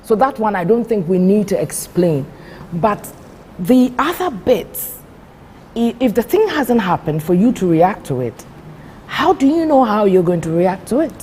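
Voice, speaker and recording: A woman's voice: mid-range voice, sing-song, a little slow, a little mellow, big-room sound, a little hiss or hum. A woman hosting a TV talk show and asking her guests probing questions.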